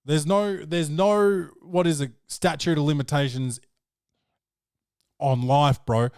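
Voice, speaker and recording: A man's voice: on the high side, steady tone, slow, darkish tone, smooth, no echo, clean studio sound. A man hosting a podcast, telling crude, rambling stories in casual chat. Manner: rambling, profane storytelling, peppered with "bro". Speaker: podcast host.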